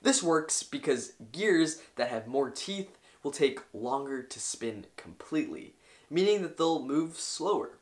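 A man's voice: a little high, animated, unhurried. A young man hosting a science video, explaining in an eager, enthusiastic way. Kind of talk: educational explainer.

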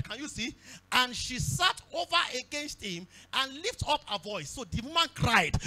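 A man with a Nigerian accent preaching a sermon at a church service, repeating phrases and breaking into shouts. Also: very high-pitched, big pitch swings, moderate pace. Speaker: pastor.

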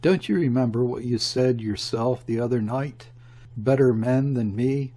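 A man voicing a gruff, overbearing ship's mate who speaks curtly and defiantly, in a storybook reading. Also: mid-range voice, unhurried, mellow, close to an everyday voice. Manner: curt and defiant.

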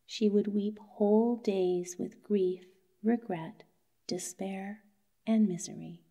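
A woman narrating a bedtime story for adults in a soothing, soft manner. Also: medium pitch, steady tone, takes it slowly.

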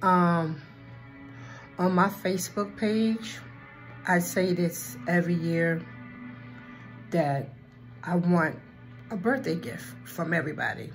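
Woman, casual vlogger, slow earnest delivery, lowish voice, faint music behind. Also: rough recording. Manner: slow and heartfelt, with filler ums. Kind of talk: casual chat.

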